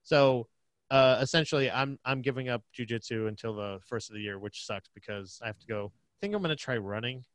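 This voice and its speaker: A man from Pennsylvania co-hosts a podcast, chatting loosely and joking, swearing freely. His voice sits at an ordinary middle pitch. He is recorded close on a dry mic with no room sound. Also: brisk, a bit bright, smooth, dry recording. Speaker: podcast co-host. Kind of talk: casual chat.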